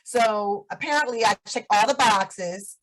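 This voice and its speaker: A woman's voice: on the high side, a little slow, fairly bright tone, poor audio. A woman in her fifties, a guest on an interview show, telling her story in a chatty way and laughing often. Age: 50s.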